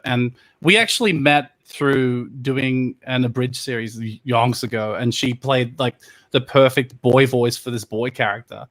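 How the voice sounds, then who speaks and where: A man of middle pitch tells a rambling story about his career in a relaxed, hesitant way on a panel over a video call. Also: unhurried. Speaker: voice actor on a panel. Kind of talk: casual storytelling chat.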